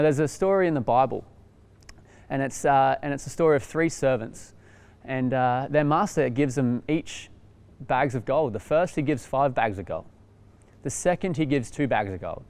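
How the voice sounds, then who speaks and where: A young Australian man, a youth pastor, telling a story in a casual, animated way with lots of fillers and restarts. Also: medium pitch, normal speed.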